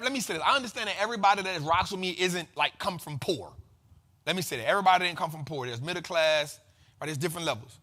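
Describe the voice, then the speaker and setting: A man hosting a finance show, giving energetic market commentary in a slangy, emphatic way and repeating lines for effect. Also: high voice.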